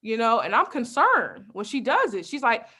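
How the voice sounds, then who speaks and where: A young adult woman doing a stand-up comedy set, telling lively stories with constant asides to the crowd. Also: a little high, normal speed, breathy edge. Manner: lively storytelling with frequent asides and laughs.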